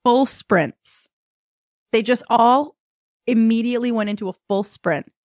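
A woman in her thirties, co-hosting a podcast and telling a lively story in a casual chat. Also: a little high, measured pace, no echo, studio quality. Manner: animated storyteller, acts out kids and herself. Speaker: podcast co-host.

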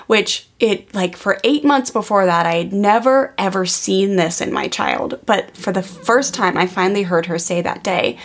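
Chatty earnest woman with vocal fry. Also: medium pitch. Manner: earnest, chatty, with frequent "like" fillers. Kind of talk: personal storytelling to an audience.

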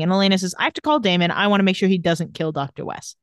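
A woman's voice: mid-range voice, sing-song, racing, no room sound, studio quality. A woman co-hosting a casual podcast, retelling scenes and quoting characters' lines, laughing often. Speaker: podcast co-host recapping a TV episode. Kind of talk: casual chat.

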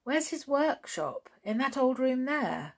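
An earnest, direct tomboyish girl from a children's adventure storybook, voiced by a woman reading aloud. She talks slowly with a lively, rising lilt. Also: high voice, pitched above the performer's own voice, full character voice.

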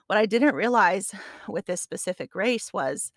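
In clean, echo-free studio sound, a middle-aged podcast host from Arizona tells a casual personal story with chatty self-deprecation and frequent laughter. She speaks at a moderate pace in a medium-pitched voice with lively intonation.

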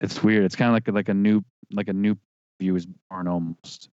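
A man's voice: on the low side, fairly even intonation, normal speed, darkish tone, smooth, no room sound, highs cut off. A man co-hosting a podcast, laid-back in casual chat and laughing often. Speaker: podcast co-host.

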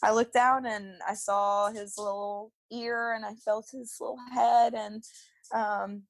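A woman's voice: medium pitch, level tone, takes it slowly, no room sound. A young woman telling a personal story as a podcast guest in a casual, chatty way, with frequent "like" fillers and laughter. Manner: chatty, peppered with "like", laughs often.

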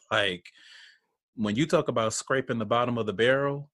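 A man's voice: mid-range voice, moderate pace, a bit bright, dry recording, studio quality. A man casually recapping a reality show with a co-host, blunt and profane, laughing often and acting out what people said. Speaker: podcast co-host.

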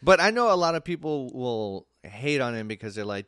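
A man's voice: mid-range voice, sing-song, normal speed, a bit bright, clear, resonant tone, no echo, clean studio sound. A man co-hosting a casual chat, laid-back and agreeable, often laughing along and retelling what others said. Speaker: podcast co-host.

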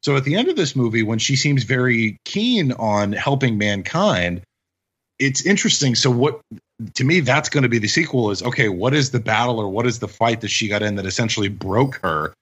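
A man's voice: medium pitch, sing-song, moderate pace, fairly bright tone, breathy edge, lo-fi sound. A man co-hosting a podcast, chatting casually and eagerly about a film. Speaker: podcast co-host. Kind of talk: casual movie discussion.

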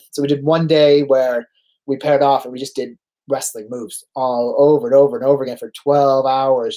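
A man's voice: medium pitch, mellow. A man in his forties with a Canadian accent, a veteran pro wrestler telling casual stories as a guest, acting out quoted lines and laughing easily. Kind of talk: casual storytelling chat.

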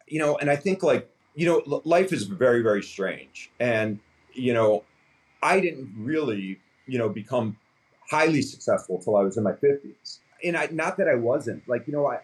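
A man in his fifties, a company founder, telling stories in a casual interview, rambling and animated with many fillers. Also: medium pitch, husky. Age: 50s.

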